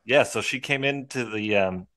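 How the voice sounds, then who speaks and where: Low-voiced man telling a filmmaking story. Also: moderate pace. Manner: relaxed storytelling, chatty. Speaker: filmmaker guest. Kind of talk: casual conversation.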